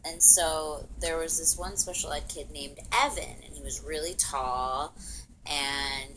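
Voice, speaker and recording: A woman's voice: deep voice, unhurried, sharp tone, a little hiss or hum, rough recording. A woman in her twenties telling a story casually, chatty and giggly, saying "like" a lot. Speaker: vlogger.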